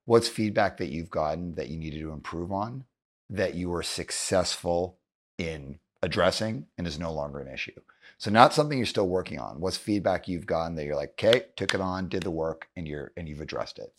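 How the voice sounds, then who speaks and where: A man's voice: sits low, lively intonation, fairly quick. A male podcast host asking interview questions casually, rephrasing them as he goes.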